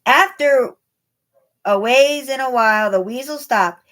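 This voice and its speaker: Lively woman reading a children's story. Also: sits high, a little slow. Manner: animated, playful rhyming delivery with lively voices for the animals. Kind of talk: children's picture book read-aloud.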